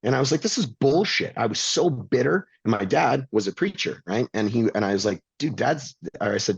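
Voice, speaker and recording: Blunt, profane man in his fifties, husky voice, dry muffled recording. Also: mid-range voice, lively intonation, a little fast, few pauses, no room sound. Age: 50s. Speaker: guest. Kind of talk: casual storytelling.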